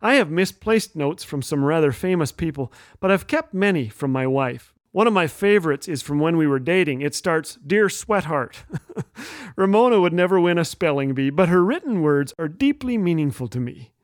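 A middle-aged man hosting a humor radio show, telling stories with wry, gentle jokes and chuckling at his own lines. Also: a little high, expressive, normal speed, no echo, clean studio sound.

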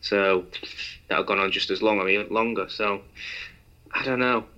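Hesitant low-voiced man on a podcast. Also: steady tone, normal speed, pushed and bright, muffled recording. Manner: hesitant, full of fillers. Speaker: podcast co-host. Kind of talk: casual podcast chat.

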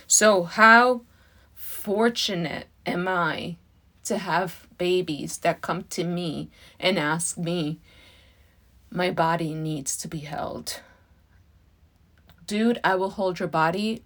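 A middle-aged woman hosting a podcast, talking casually, emotional and emphatic, swearing freely and swinging between loud bursts and soft asides. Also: lowish voice. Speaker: podcast host.

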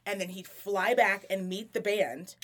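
A woman's voice: mid-range voice, a little slow. A woman hosting a podcast, telling stories in casual chat, swearing freely and laughing often. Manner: profane, laughing storyteller. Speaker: podcast host.

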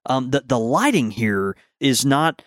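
A man's voice: medium pitch, sing-song, measured pace, no room sound, studio quality. A man co-hosting a casual live podcast, rambling with many fillers and restarts. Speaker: podcast co-host and shop owner. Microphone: studio microphone.

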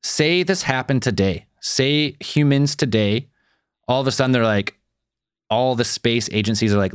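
A man's voice: medium pitch, normal speed, clear, resonant tone, no room sound, studio quality. A man in a casual podcast chat, rambling through speculative ideas and swearing freely. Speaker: podcast co-host.

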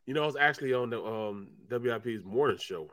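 A laid-back middle-aged man co-hosts a casual sports talk chat, trading easygoing banter. His mid-pitched voice is recorded close and dry, with no room sound. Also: fast talker, fairly bright tone, no room sound. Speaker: co-host.

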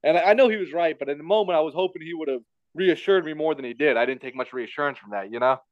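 A man with a high voice rattles through a personal story at a quick clip, circling back and repeating himself. The sound is dry and a little dull, recorded close with no room around it. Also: no room sound. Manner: rambling, repeats himself, frequent fillers. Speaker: podcast guest telling a story. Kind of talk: casual storytelling chat.

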